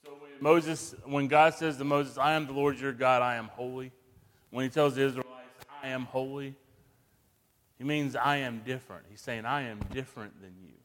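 A man preaching a sermon, swinging from hushed, slow passages to loud, emphatic bursts. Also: medium pitch, level tone. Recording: long reverb of a large hall.

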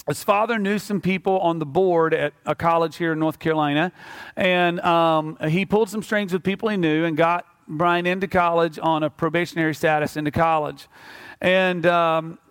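A man with a notably high voice delivers a sermon. He talks to the congregation in a relaxed, conversational way while telling a story, then presses his point with earnest conviction. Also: moderate pace, clean tone. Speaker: pastor.

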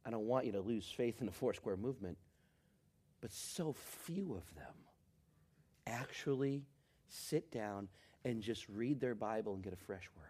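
A man preaching a sermon, swinging between shouted lines and near whispers. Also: fairly low pitch, lively intonation, a little slow, pauses often, breathy edge. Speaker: pastor.

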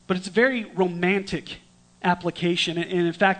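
A man preaching a storytelling sermon in a conversational way, with dramatic swings from lively to hushed. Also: high-pitched, normal speed. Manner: conversational with restarts.

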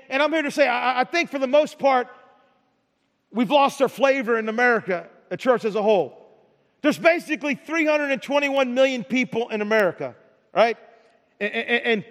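A middle-aged man preaching a sermon as pastor, talking in a conversational way, often repeating words and tagging lines with "right?". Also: extremely high pitch. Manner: conversational preaching with repetitions and tag questions. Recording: large hall reverb.

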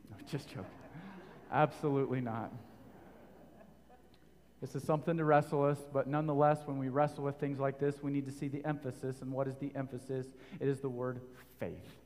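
A man preaching a sermon, rising to loud emphatic peaks and putting questions to his listeners. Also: medium pitch, level tone, a little fast, big-room sound.

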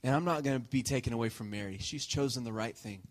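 A male preacher speaking as a gentle, patient teacher reassuring a worried host. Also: medium pitch, fast, lightly acted.

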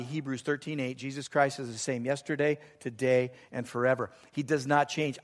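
A middle-aged man preaching a sermon in church as pastor, earnest and mixing in joking asides. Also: fairly high pitch.

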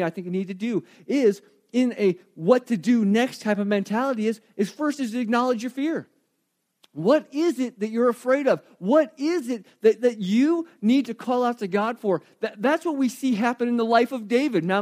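High-voiced animated male pastor. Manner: animated storytelling, drops to quiet for emphasis. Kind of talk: sermon.

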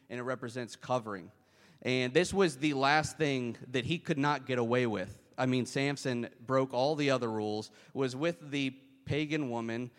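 A man preaching a sermon in a conversational way, often jumping up in pitch as he acts out quoted voices. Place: church hall. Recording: long hall reverb.

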